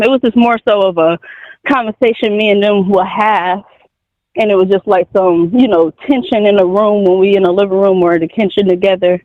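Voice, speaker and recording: A man in his twenties from North Carolina, calling in for advice, talking haltingly with many fillers and restarts. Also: high voice, dry recording. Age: 20s. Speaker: caller. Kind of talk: advice call-in conversation. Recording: tinny phone line.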